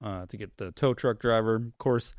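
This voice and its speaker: A man's voice: fairly low pitch, normal speed, no echo. A man hosting a horror movie podcast, casually retelling scenes in a rambling, swearing way. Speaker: podcast host. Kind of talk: casual chat.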